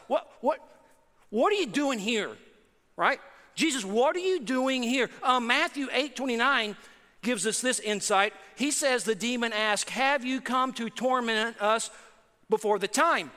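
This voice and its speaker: High-voiced, slow, emphatic male pastor. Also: pushed and bright, big-room sound. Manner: emphatic, repetitive preaching. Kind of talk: sermon.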